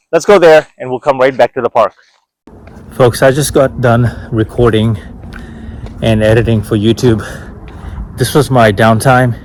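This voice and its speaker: A man's voice: medium pitch, slight background noise, poor audio. Middle-aged male fitness vlogger, outdoor walk-and-talk, motivational and rambling. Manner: rambling, self-motivating, with many restarts. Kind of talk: casual motivational talk to camera. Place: outdoors, walking in a park.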